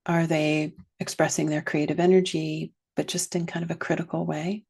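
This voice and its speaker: A woman teaching a guided reflective lesson, slow and gentle, sometimes dropping to a soft whisper. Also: low-pitched, flat delivery, creaky, slightly rough. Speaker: wellness teacher.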